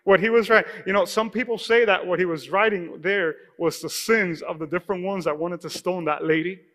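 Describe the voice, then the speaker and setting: High, bright-voiced preaching man. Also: brisk, long reverb tail. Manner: emphatic preaching, calls for congregation response. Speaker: pastor. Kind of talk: sermon. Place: church sanctuary.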